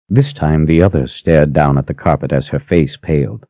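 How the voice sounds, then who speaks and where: Deep-voiced male audiobook narrator. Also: normal speed, hardly any pauses, dry recording. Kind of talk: scripted narration. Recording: slightly muffled dry recording.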